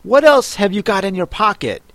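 A man voicing a solemn, pompous dodo bird in a storybook reading, speaking gravely. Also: sits high, sing-song, normal speed, fairly bright tone, no echo, pitched above the performer's own voice, heavily acted.

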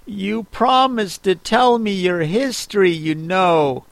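A man's voice: high-pitched, slow pace, gravelly, dry recording, pitched above the performer's own voice, heavily acted. A man voicing a curious, polite young girl in a storybook reading. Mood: puzzled.

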